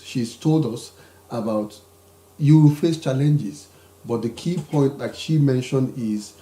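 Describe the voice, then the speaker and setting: Dark-voiced talk show host. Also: mid-range voice, roomy sound. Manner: backchannels often, sums up for the audience. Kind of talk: live-stream talk show hosting.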